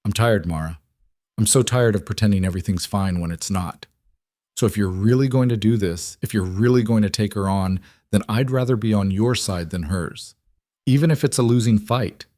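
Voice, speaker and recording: A man's voice: lowish voice, normal speed, warm tone, no room sound, studio quality, close to an everyday voice. A man playing a weary, guarded husband. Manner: curt, then raw and cracking.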